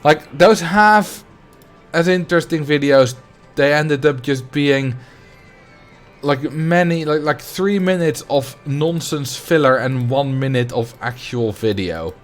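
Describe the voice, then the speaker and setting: A young adult man with a slightly high voice streams a game and chats casually, rambling as he answers his viewers. He speaks slowly, with faint music in the background.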